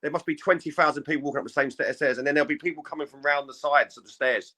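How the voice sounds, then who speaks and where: Fast-talking British podcast co-host. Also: male voice, on the high side, sharp tone. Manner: rambling with many restarts and swearing. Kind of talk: casual podcast chat.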